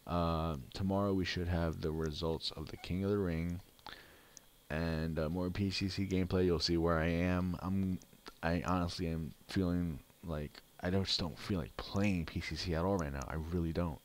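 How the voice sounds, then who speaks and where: Deep-voiced man grumbling over a game. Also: steady tone, normal speed, slight background noise. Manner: grumbling, complains about bad luck. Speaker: gaming channel host. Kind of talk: casual mobile game commentary.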